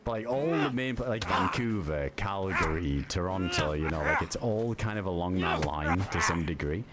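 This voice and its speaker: A man's voice: deep voice, expressive, normal speed, heavy background noise. A young man streaming a game, chatting casually in a rambling way, full of fillers and swearing. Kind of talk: casual chat while gaming.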